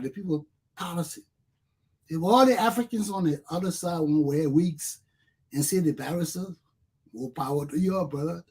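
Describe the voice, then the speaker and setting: A man's voice: fairly high pitch, normal speed, warm tone, husky. A man from Liberia with a Liberian accent, giving a passionate solo commentary full of bitter laughter and sudden outbursts.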